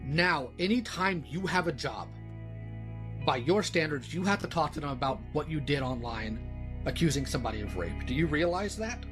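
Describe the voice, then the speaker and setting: A man's voice: a little high, lively intonation, moderate pace, over music. A man bluntly challenging the other speaker's standards in a recorded discussion.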